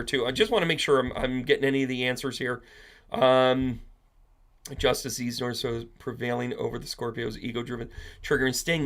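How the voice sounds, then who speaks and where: A man's voice: medium pitch, bright, forceful tone. A man hosting an astrology live stream, chatting in a rambling way, answering viewers' comments and often asking "right?". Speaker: astrology and tarot reader, live-stream host. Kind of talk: casual live-stream chat.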